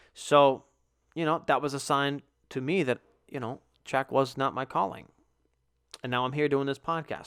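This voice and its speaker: Profane, rambling young podcast host. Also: male voice, fairly high pitch, fairly bright tone, clear, resonant tone. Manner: rambling, profane, self-mocking with acted asides. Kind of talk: casual solo storytelling.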